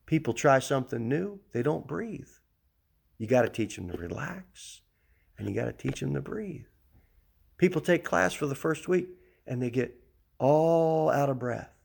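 A middle-aged man giving a sermon as pastor, animated, shifting between loud emphasis and soft, calm talk. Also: medium pitch, unhurried, vocal fry, slightly rough.

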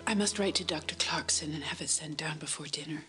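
A woman's voice: low-pitched, a little fast, over music, lightly acted. A woman voicing a grief-stricken aristocratic mother who sounds bitter and accusing.

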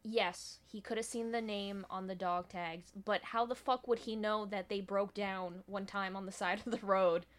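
A woman's voice: mid-range voice, steady tone. A woman co-hosting a podcast in casual chat, cutting in with jokes and swearing. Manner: quick jokes, interjections and swearing. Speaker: podcast co-host.

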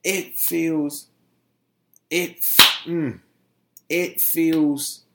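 A man's voice: a little high, level tone, extremely slow, gravelly, very noisy. A male podcast host talking solo, emotional and grateful, stumbling and repeating words as he goes.

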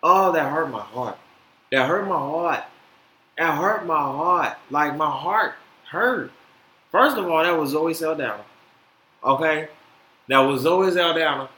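Male podcast host, casual and animated, swears a lot; slightly high voice, echoey room. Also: unhurried, long pauses. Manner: animated, swears freely, many fillers. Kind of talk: casual solo podcast chat. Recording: echoey room, faint noise.

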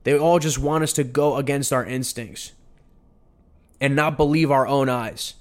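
A man's voice: medium pitch, steady tone, a little slow. A man hosting a podcast and giving opinionated commentary, often mocking and sarcastic, repeating phrases for effect. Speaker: podcast host.

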